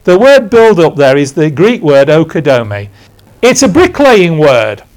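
An older English man giving a chatty sermon in a church, his voice riding high for a man and swinging widely in pitch. He tells stories with emphatic, self-deprecating asides. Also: sing-song, unhurried, darkish tone. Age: 60s. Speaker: preacher. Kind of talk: conversational sermon.

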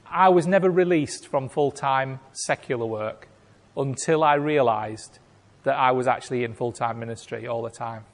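A man preaching a sermon, telling a story with acted-out voices and big swings between loud and hushed. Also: medium pitch, moderate pace. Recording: long hall reverb.

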